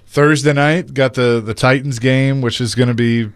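Easygoing radio co-host. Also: male voice, medium pitch, fairly even intonation, normal speed, no echo. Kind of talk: casual sports radio chat.

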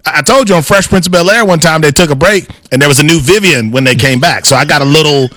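A man's voice: a little high, fast, a bit bright, no room sound. A man co-hosting a sports radio show, playful and opinionated in casual talk.

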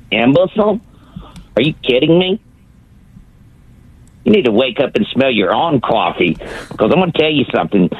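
A man's voice: on the low side, no room sound. A man calling a sports radio show, ranting theatrically at a rival and repeating "young man". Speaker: caller. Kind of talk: call-in radio rant. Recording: muffled phone line, dry.

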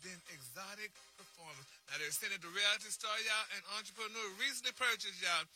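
A man's voice: high voice, quick pace, pushed and bright, soft background music. A man reading the celebrity news on a morning radio show, sassy and chatty, dropping "honey" and "y'all" into nearly every line. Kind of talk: gossip segment on morning radio.

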